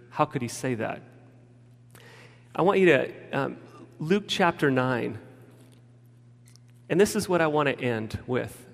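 A man preaching a casual, story-driven sermon as a pastor, often restarting his sentences. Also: a little high. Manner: informal storytelling with frequent restarts. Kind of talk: conversational sermon. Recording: long reverb of a large hall.

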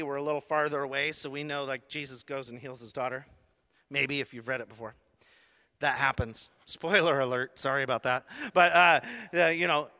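A male pastor preaching a sermon, acting out scenes in an animated way with sudden loud outbursts and quiet, hushed asides. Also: a little high, clean tone. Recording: long reverb of a large hall.

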